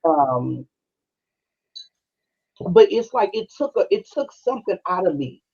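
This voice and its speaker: Husky-voiced middle-aged woman telling a story. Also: lowish voice, sing-song, unhurried, a little mellow, lo-fi sound. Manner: conversational, heartfelt, full of "you know" and "like". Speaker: podcast co-host. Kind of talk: personal storytelling on a live stream.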